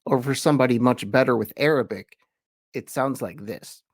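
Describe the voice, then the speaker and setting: A man explains in an easygoing, chatty lesson, his voice sitting at a middling pitch. He slows down and leans on each word when reading quoted verses, and the recording is dry and close with no room sound. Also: no echo. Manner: reads quoted verses slowly with emphasis; relaxed, chatty explaining with asides. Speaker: host and teacher. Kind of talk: conversational lesson.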